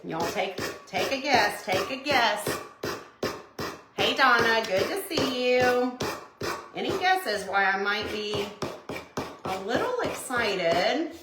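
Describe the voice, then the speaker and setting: A middle-aged woman hosting a crafting livestream, chatting excitedly with viewers as she works. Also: a little high, takes it slowly, pauses often, over loud music. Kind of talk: casual live chat while crafting. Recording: echoey room.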